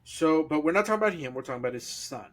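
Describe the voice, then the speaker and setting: A man co-hosting a casual news-roundup podcast, animated and excitable as he steers the conversation. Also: fairly high pitch, very fast. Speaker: podcast co-host.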